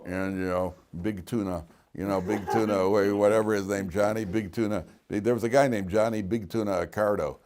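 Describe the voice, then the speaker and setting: A man's voice: fairly low pitch, moderate pace, hardly any pauses, noisy background. A man teaching a class as a rabbi, telling stories with jokes and many repeated words. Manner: animated, joking storyteller who repeats words. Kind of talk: lively classroom storytelling.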